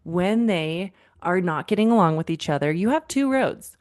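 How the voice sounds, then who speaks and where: Fairly low and darkish, her voice has lively intonation and a moderate pace. She's a woman in her thirties who counsels parents on her podcast, warmly addressing the listener as "friend" while recounting exchanges with clients.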